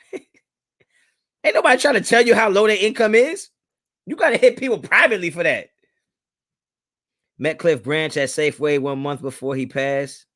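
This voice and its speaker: A young man, hosting a live stream and casually reading viewer chat, laid-back and slangy, laughing often and swinging his pitch up and down. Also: normal speed, long pauses, a bit bright.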